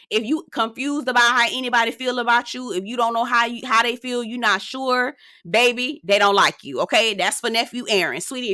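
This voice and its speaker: A woman giving a sassy, animated recap of a reality show in casual commentary. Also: no room sound, studio quality. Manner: sassy, animated storytelling, swings pitch for emphasis.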